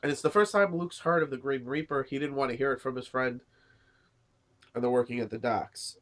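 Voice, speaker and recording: A man in a mid-range voice talks a little fast as he casually reviews a manga chapter despite being sick and coughing. The chat meanders, loaded with fillers like "you know" and "uh."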